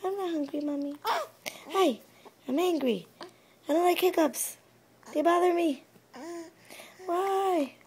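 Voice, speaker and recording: A woman speaking for her baby daughter, a grumpy little girl with hiccups, in a pouty, higher voice. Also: takes it slowly, pauses often, darkish tone.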